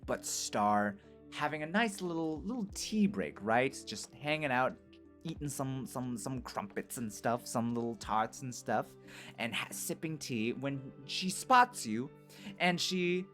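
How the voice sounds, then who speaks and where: An animated male streamer spins an improvised story to his chat, his pitch bouncing widely. He rambles along and checks in constantly with asides. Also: unhurried, faint music behind. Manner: animated, rambling, full of "right?" and "like".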